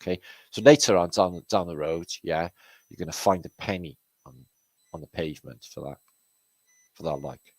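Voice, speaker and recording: A man's voice: deep voice, moderate pace, long pauses, dry recording. A man hosting his own channel, chatting casually with viewers on a live stream, greeting them by name and swearing freely. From Britain. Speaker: channel host.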